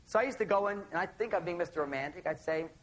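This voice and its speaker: A man giving a seminar talk on relationships, telling an anecdote in an animated way and acting out bits of dialogue. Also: sits high, racing, poor audio. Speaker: relationship author speaking on stage.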